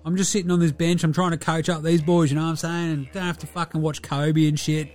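A man doing a brash young Australian basketball player with a thick Aussie accent, swearing his way through every sentence. The voice sits high and rowdy, and faint music runs underneath. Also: flat delivery, fast, darkish tone, close to an everyday voice. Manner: crude, boisterous, swearing constantly.

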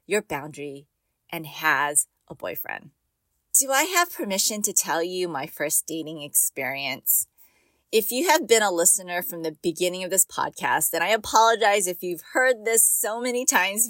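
A woman's voice: lowish voice, expressive, normal speed, a bit bright, dry recording. A middle-aged woman hosting a podcast for moms, talking in a chatty, encouraging way and laughing often. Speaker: podcast host and mom coach. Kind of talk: casual podcast monologue.

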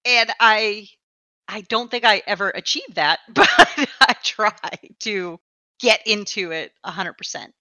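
A woman's voice: mid-range voice, unhurried, sharp tone, no echo. A woman hosting a casual podcast chat, who often repeats her words as she talks. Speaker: podcast host. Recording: dull, slightly lo-fi dry sound.

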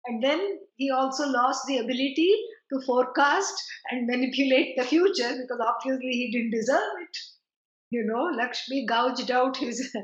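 A woman giving a chatty, digressive spiritual lecture, with quick laughs and asides. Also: a little high. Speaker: teacher of scripture. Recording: roomy, dull lo-fi recording.

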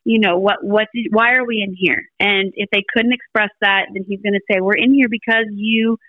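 A middle-aged woman, guesting on a podcast, tells family stories in a casual chat and animatedly acts out the voices of the people involved. Her mid-range voice moves briskly, and the sound is phone-quality with no echo.

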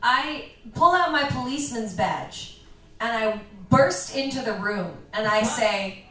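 A woman's voice: a little high, lively intonation, slow pace, sharp tone, recorded from a distance. A woman plays in a tabletop game, giggly and playful as she talks. Her voice rings in a very echoey room. She sounds a fair way from the mic. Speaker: player. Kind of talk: casual tabletop game play.

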